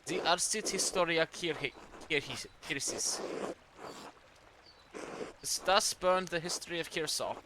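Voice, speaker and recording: Gamer doing a pious German-accented cleric, higher-pitched voice, noisy home recording. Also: male voice, slow, long pauses. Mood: solemn. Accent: German, put on. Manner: solemn, formal reading. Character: stern devout male churchman writing a letter.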